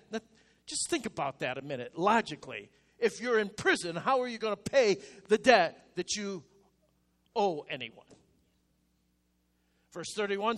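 Male pastor with a high voice, emphatic sermon delivery, loud peaks and hushed asides. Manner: emphatic, swings from loud declarations to soft, low asides.

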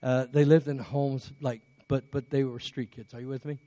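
A man's voice: medium pitch, little pitch movement, normal speed, mellow, no echo. A man from England preaching a sermon as a pastor, telling a story with many restarts and building up to emphatic calls to persevere.

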